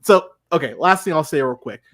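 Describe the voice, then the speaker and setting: A man's voice: fairly high pitch, lively intonation, brisk, a bit bright, no echo, studio quality. A man hosting a podcast, chatting casually in an emphatic, ranting way, with some swearing. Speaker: podcast host.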